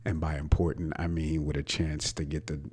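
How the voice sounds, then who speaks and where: Brash, husky New sports ranter. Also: male voice, very deep voice, level tone, brisk, a little mellow. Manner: brash, profane, mocking. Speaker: sports podcast host. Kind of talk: profane sports rant.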